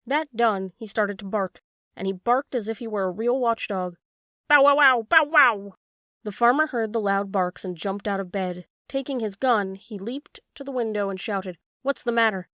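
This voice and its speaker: A woman narrating a classic children's tale in a calm, measured storybook reading. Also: mid-range voice, no room sound, studio quality. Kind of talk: storybook read-aloud.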